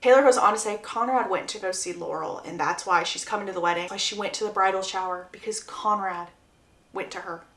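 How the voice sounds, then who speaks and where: A woman's voice: medium pitch, fairly quick, fairly bright tone, roomy sound. A woman casually retelling a book's plot, chatty and acting out the quotes. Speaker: book summary creator.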